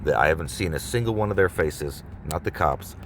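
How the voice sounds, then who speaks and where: A man with a very low voice rants in a vlog, agitated and swearing, going over the same points again and again. He talks from inside his car, and faint background noise sits under his voice. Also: animated, brisk, a bit bright. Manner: agitated, profane, repeats himself. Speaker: vlogger. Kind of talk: angry ranting vlog.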